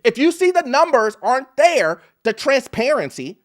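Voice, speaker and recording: A man's voice: extremely high pitch, big pitch swings, normal speed. A man hosting a commentary video, emphatic and mocking, acting out quotes as he reacts to clips. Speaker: host.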